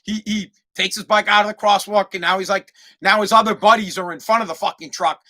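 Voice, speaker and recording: A man, hosting a podcast and telling a profane, animated story with many restarts. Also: high voice, fairly quick. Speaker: podcast host. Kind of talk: casual storytelling monologue.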